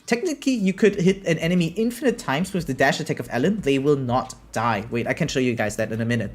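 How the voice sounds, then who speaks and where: A man's voice: medium pitch, lively intonation, fast. A man from Germany with a German accent, streaming a game live and chatting casually with his viewers, laughing often as he answers chat.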